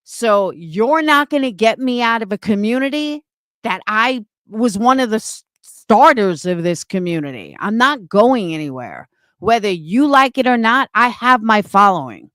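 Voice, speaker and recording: A woman's voice: a little high, expressive, a little slow, fairly bright tone, dry recording. Furious, profane woman on a livestream rant. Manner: angry, profane, confrontational. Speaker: streamer.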